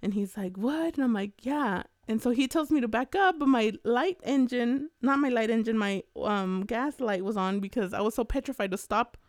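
A young woman co-hosting a podcast, telling a story in casual chat and acting out the quoted voices with big jumps in pitch. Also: moderate pace, hardly any pauses, dry recording, studio quality. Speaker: podcast co-host.

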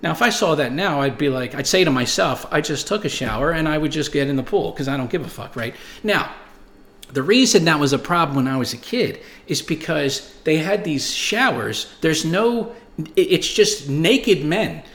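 A man's voice: on the high side, animated, moderate pace, fairly bright tone, echoey room. A man in his forties hosting a show, telling stories and reading viewer comments in a rambling, profane, emphatic way. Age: 40s. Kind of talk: casual monologue.

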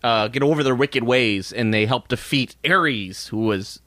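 A man's voice: medium pitch, unhurried, sharp tone, no echo. Joking man, dry close sound. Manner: joking, rambling, laughs often. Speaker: podcast co-host. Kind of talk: casual movie-discussion chat.

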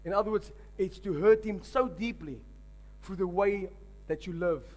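A man's voice: high voice, moderate pace, darkish tone. A man, a pastor, preaching a sermon emphatically and calling on the congregation to respond.

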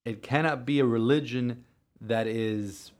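A man, a priest co-hosting a podcast, telling a story earnestly in halting sentences full of restarts. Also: medium pitch, darkish tone. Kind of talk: casual podcast chat.

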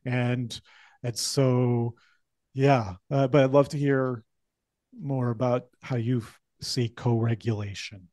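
A man's voice: medium pitch, steady tone, slow pace, no echo. Thoughtful man in a dry recording. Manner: thoughtful, warm listener, hesitant restarts. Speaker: podcast co-host. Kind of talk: casual conversation.

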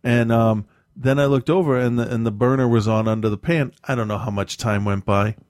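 A man's voice: mid-range voice, fairly even intonation, darkish tone, no room sound, clean studio sound. A man in casual chat, telling rambling, profane stories with a lot of restarts and self-mocking asides. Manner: halting with frequent restarts and ums.

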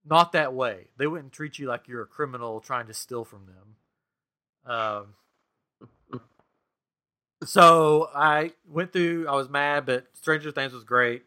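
Bright-voiced man telling a frustrating story. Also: a little high, slow pace, long pauses. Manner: animated, exasperated retelling with quoted dialogue. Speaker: podcast co-host. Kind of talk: casual storytelling chat.

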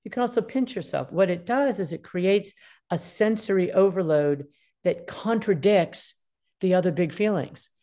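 Expressive woman in her sixties giving advice. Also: on the low side, normal speed. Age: 60s. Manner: expressive, acts out children's voices in quotes. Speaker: parenting expert guest. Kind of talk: casual advice talk.

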